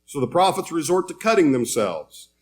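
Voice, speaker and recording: A man delivers a sermon, retelling scripture in an easy, storytelling voice. His pitch sits slightly above the usual for a man. He reads verses aloud between casual asides. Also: sing-song, moderate pace, a little mellow. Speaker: preacher.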